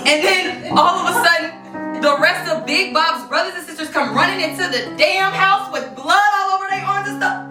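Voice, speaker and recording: A woman performing a monologue as an excited young woman who tells a chaotic family scene in a hollering, breathless rush. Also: extremely high pitch, normal speed, voice pushed up. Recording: roomy live stage, distant mic, music.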